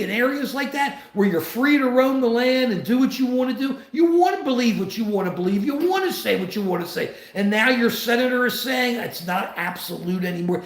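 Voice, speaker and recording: A man in his seventies hosting a live political talk show, speaking with passion and often restarting his sentences. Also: sits high. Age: 70s. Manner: impassioned, rambling with restarts. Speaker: host. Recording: roomy echo.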